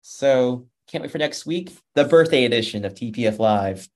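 A man's voice: mid-range voice, lively intonation, moderate pace, darkish tone. Guy in his 30s hosting a racing podcast, chatty, rambling, keeps calling people folks. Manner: upbeat, rambling, addresses listeners as folks. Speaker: podcast host. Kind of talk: casual show wrap-up chat.

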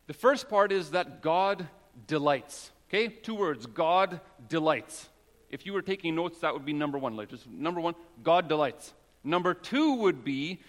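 High-voiced pastor in a reverberant church. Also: male voice. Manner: conversational and joking, with prayers spoken low and soft. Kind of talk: sermon. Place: church sanctuary. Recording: long hall reverb.

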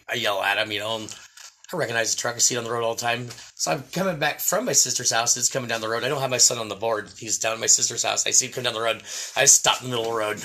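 Profane, bright-voiced man telling stories. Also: mid-range voice. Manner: profane, animated storyteller. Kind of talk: casual chat.

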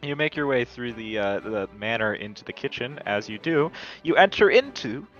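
A man running a tabletop game as game master, casual and halting, voicing the people around the table. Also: medium pitch, lively intonation, a bit bright. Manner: loose and halting, playing many figures. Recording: dull lo-fi audio with faint music.

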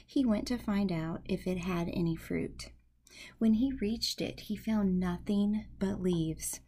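Soft-spoken, husky woman leading a devotional. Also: on the low side. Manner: soft, slow and earnest, often breathy and half-whispered. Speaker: podcast host. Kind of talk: devotional podcast talk with prayer.

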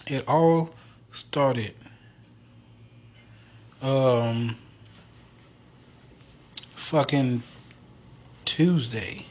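A man's voice: medium pitch, fairly even intonation, moderate pace, a little mellow, breathy edge. A man hosting a podcast alone, telling stories in a rambling, profane, casual way. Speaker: podcast host. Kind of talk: casual solo monologue.

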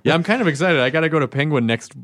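A man with a high, lively voice chats on a podcast, easily excited and laughing often. His speech bounces up and down as he talks close to the mic. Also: rapid-fire. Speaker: podcast co-host and author. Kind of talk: casual chat.

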